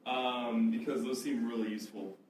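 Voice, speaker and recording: A man's voice: mid-range voice, fairly even intonation, moderate pace, a little mellow, distant mic, a little hiss or hum. A man playing in a tabletop game, playful and laughing. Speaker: player. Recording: very echoey room from off-mic.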